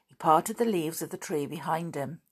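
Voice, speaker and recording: Storyteller: woman, lower register, warm bedtime-story reading, friendly. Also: normal speed, breathy edge. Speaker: storyteller podcast host. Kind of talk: reading a children's book aloud.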